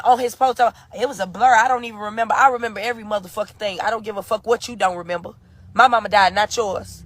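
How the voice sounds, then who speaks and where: A woman's voice: mid-range voice, fairly bright tone. A grieving woman ranting furiously in a live video, cursing and defiant, repeating herself. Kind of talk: angry profane rant.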